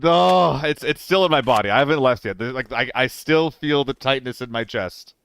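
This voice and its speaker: A man streaming a game live, chatting casually with viewers, laughing often and swearing when he gets excited. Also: mid-range voice, moderate pace, creaky, smooth, no echo. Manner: excitable, laughing and swearing between relaxed chat.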